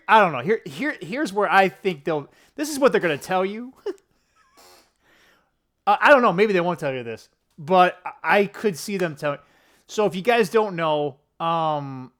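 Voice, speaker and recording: Middle-aged male vlogger, loose profane monologue, lively pitch swings, sits slightly high. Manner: profane, laughing, tangent-prone, animated swings in pitch. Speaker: political vlogger. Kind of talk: rambling casual monologue to camera. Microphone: camera close up at a desk.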